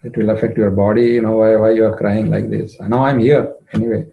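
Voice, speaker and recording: A man's voice: lowish voice, fairly even intonation, fairly quick, vocal fry, phone-quality sound. A man voicing a tender divine lover who comforts his weeping beloved with sweet, reassuring words. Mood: soothing. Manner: soothing, reassuring.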